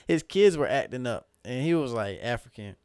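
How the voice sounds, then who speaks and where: A man's voice: mid-range voice, huge pitch swings, unhurried, a little mellow, no echo, clean studio sound. A man chatting casually on a podcast, telling loose, profane stories and laughing often. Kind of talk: casual chat.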